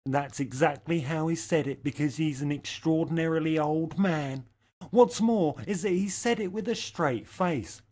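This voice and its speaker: A middle-aged man delivering a scripted satirical rant in a sardonic, profane, deadpan way. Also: on the high side, normal speed. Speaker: comedy ranter.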